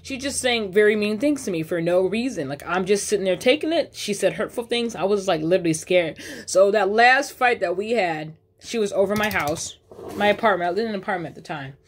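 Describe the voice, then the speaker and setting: A woman talks loosely and at length in a casual storytime vlog. She swears freely, drops slang fillers and keeps restarting and correcting herself, all in a voice of middling pitch. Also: lively intonation, brisk. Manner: rambling, profane, uses slang fillers. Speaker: vlogger telling a personal story.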